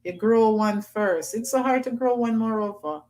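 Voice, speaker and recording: A woman's voice: a little high, normal speed, darkish tone, poor audio. A woman hosting a casual livestream, chatting and reading out viewer comments with patois phrasing. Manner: chatty, laughs often, Jamaican patois phrasing. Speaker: livestream host.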